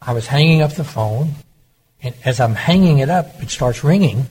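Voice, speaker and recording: An older man from Oklahoma, a former governor, tells anecdotes in an interview and acts out the dialogue he quotes. His medium-pitched voice has lively intonation, a moderate pace, and a slightly mellow, husky quality. The recording is rough.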